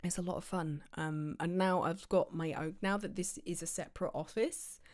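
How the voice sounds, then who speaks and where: Low voiced woman chatting on her stream, lots of ums and tangents. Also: fairly even intonation, normal speed. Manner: rambling, chatty, full of fillers and tangents. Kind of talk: casual livestream chat. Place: home office.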